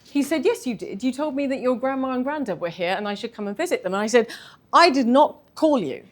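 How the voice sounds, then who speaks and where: A woman, telling a candid personal story in a talk, animated and self-deprecating. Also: a little high, fast talker. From London. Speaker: speaker giving a talk.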